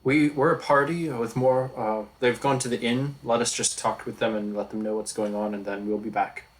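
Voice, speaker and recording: A man's voice: mid-range voice, fairly even intonation, moderate pace, rough recording. A man playing in a tabletop game, speaking earnestly as a father searching for his son. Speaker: player.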